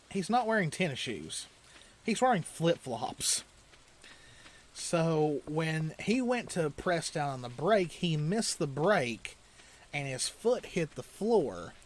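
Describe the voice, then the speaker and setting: Man, let's play host, slightly high voice, casual storytelling while gaming, frequent chuckles, rambling delivery. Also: big pitch swings, takes it slowly. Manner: chuckles often while telling stories; loose, rambling delivery with restarts. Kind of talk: casual storytelling while playing a video game.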